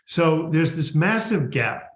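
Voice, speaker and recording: A man's voice: on the high side, expressive, takes it slowly. A man, a guest author, answering an interview and animatedly acting out workplace dialogue. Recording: echoey room.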